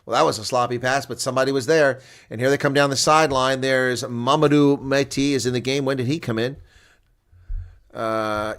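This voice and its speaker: A man giving live reaction commentary on a rugby match, chatting to viewers and getting loudly excited on big plays. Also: medium pitch. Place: home setup streaming a reaction broadcast.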